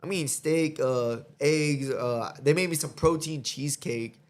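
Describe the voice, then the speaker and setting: A man with a fairly high-pitched voice speaks at a measured pace as a guest on a podcast. His storytelling is casual and full of swearing, punctuated by frequent laughter and acted-out quotes.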